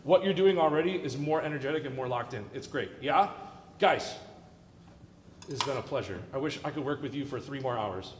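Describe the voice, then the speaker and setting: A man coaching a student orchestra in rehearsal, joking and counting and singing rhythms aloud. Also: medium pitch. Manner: playful, jokey, counts and sings rhythms aloud. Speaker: guest orchestra clinician. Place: large hall with student orchestra. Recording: echoey hall, orchestra playing, from a distance. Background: orchestra music.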